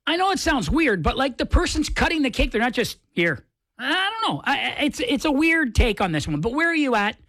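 Chatty radio host, lively delivery. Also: male voice, very high-pitched, a little fast, few pauses, dry recording. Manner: chatty, filler-heavy, rambling. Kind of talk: casual radio chat. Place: radio studio.

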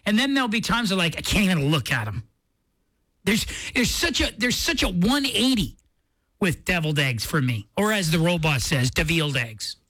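Excitable male radio host with a bright, high, bouncy voice and a dry sound; playful, quick to laugh. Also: no echo. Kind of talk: casual talk radio chat.

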